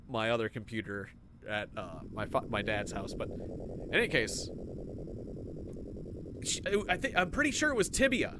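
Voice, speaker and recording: A man casually commenting as he plays a video game, rambling through memories and reacting excitably. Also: mid-range voice, a little hiss or hum. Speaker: gaming video host. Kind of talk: casual let's-play commentary.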